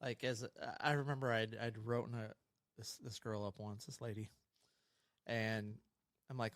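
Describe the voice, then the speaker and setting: A man's voice: lowish voice, fairly even intonation, moderate pace, pauses often, fairly bright tone, no room sound, clean studio sound. A middle-aged man co-hosting a casual podcast over beers, rambling through stories, acting out quotes and laughing often. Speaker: podcast co-host.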